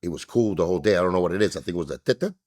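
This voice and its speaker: A man, an interview guest telling a story with lively, animated delivery, acting out what other people said. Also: very fast. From New York. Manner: acts out quoted voices, jumping high and loud.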